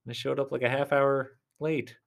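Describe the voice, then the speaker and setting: A man hosting a casual solo podcast, rambling and chatty, talking straight to his listeners in a reassuring way, often dropping to soft near-whispers. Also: medium pitch, level tone, normal speed, vocal fry. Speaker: podcast host.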